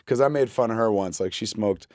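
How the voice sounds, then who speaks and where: Animated storytelling man, dry close sound. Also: on the low side, a little fast, dry recording. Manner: animated, acts out every quoted person. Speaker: guest. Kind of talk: comic storytelling in a chat.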